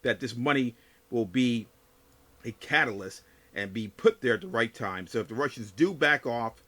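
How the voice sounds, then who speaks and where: A man hosting a solo podcast, giving a measured, emphatic analysis as a political scientist. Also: mid-range voice, expressive, bright, forceful tone.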